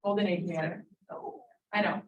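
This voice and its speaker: Woman, low-ish voice, chatty meeting member, recorded from across the room. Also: fairly even intonation, normal speed. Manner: chatty, tells anecdotes with quoted asides. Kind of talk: casual meeting chat. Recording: distant mic, dull lo-fi sound.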